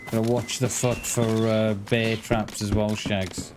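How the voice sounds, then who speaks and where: A man's voice: lowish voice, measured pace, noisy background. A man streaming a survival game, chatting casually and joking with a teammate. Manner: relaxed, joking banter with a teammate. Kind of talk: casual gameplay chat.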